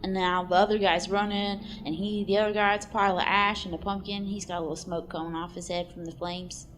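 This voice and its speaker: A woman's voice: medium pitch, fairly quick, a little hiss or hum. Crude offhand woman narrating a cartoon. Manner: crude, offhand, bursts into excited exclamations. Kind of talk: casual comic play-by-play narration.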